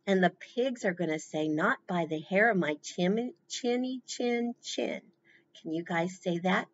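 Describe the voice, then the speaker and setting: A woman presenting a library storytime, reading slowly and encouraging the children warmly as she leads them. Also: medium pitch, muffled recording. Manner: encouraging, slow, animated.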